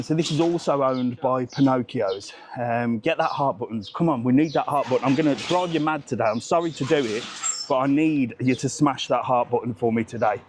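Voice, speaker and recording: A man's voice: medium pitch, slight background noise. A man hosting a live walking travel vlog, chatting upbeat and greeting passers-by on an outdoor street. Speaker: travel vlogger host.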